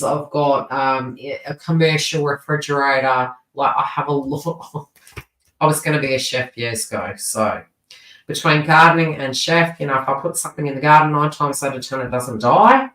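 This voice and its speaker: A woman's voice: sits low, fairly bright tone, distant mic. A woman giving a live-streamed tarot reading, chatty and rambling, with frequent asides and restarts. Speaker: tarot reader. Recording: roomy sound, voice away from the mic.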